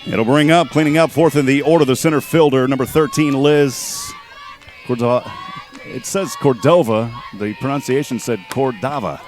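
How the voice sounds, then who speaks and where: A man calling a college softball game play by play, chatty and quick with statistics, joking with his co-host. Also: mid-range voice. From Texas. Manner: chatty, rattles off stats, jokes with co-host. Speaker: play-by-play announcer. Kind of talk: sports play-by-play commentary. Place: outdoor softball field.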